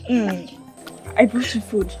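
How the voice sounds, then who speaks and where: An actress playing a kind young woman who comforts a crying friend, with a Nigerian accent, gentle and coaxing. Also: medium pitch, takes it slowly, faint music behind, close to an everyday voice. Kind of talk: Nollywood film acting.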